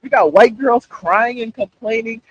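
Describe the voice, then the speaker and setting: A man's voice: very high-pitched, normal speed, muffled recording. A man hosting a livestream, talking casually and repeating himself as he speaks straight to his chat. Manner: animated, repetitive, addresses chat directly. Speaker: livestream host.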